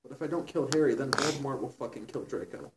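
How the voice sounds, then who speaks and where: A man's voice: medium pitch, fast. A young man reading a fan story aloud in a mock-serious way and breaking off to comment between lines. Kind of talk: comedic dramatic reading. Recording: roomy, distant mic with faint noise.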